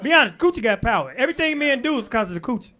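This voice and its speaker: A man performing a stand-up comedy set in a club, working the crowd with loud bursts and low asides. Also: very animated, racing. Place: comedy club stage before a laughing crowd. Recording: live club recording with crowd laughter. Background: audience laughter.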